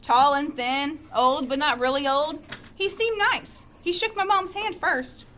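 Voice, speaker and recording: Woman teacher narrating a novel to students, steady and chatty, high voice. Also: measured pace, slight background noise. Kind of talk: reading aloud to a class.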